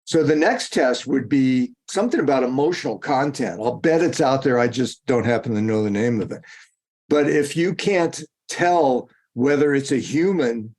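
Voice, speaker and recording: A man's voice: medium pitch, expressive, normal speed, darkish tone. A man speaking as a guest in a casual interview, rambling and digressive, often restarting and correcting himself mid-sentence.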